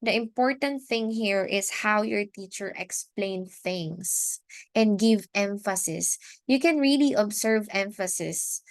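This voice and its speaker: A woman with a Filipino accent teaches a recorded lesson at an unhurried pace. She works through each point in a measured way, repeating and restarting phrases as she goes. The sound is dry and close, with no room around her voice. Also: medium pitch, dry recording. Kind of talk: recorded online lecture.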